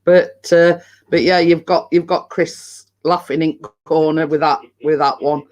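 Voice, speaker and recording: A woman's voice: sits low, fairly even intonation, unhurried, a little mellow, highs cut off. A woman with a Yorkshire accent hosting a casual live stream, chatting and reading out viewer comments. She rambles a little and laughs often.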